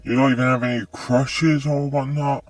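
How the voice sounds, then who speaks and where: A man's voice: medium pitch, flat delivery, moderate pace, no room sound, far from the mic, close to an everyday voice. A man reading the lines of a playful, brash young woman in his own voice, casual and teasing.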